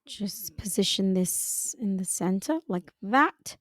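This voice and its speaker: A woman giving a calm, step-by-step software design tutorial, talking through each click. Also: medium pitch, takes it slowly, no echo. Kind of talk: screen-recorded software tutorial.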